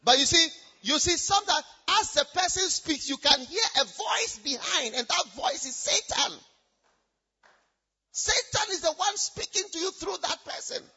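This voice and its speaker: A woman preacher delivering an emphatic sermon, repeating herself, swinging between loud shouted lines and hushed asides. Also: extremely high pitch, expressive, normal speed, dull audio.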